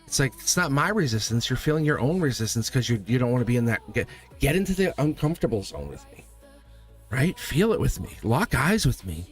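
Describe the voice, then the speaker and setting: A man hosting a live tarot stream, talking straight to his viewers in an animated way and laughing often. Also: medium pitch, brisk, faint music behind.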